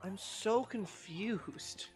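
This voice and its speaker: A woman's voice: mid-range voice, drawn-out words, a little mellow, faint music behind. A young woman streaming gameplay, ranting in exasperation, swearing and scolding the game's creatures as she plays. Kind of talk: live gameplay commentary.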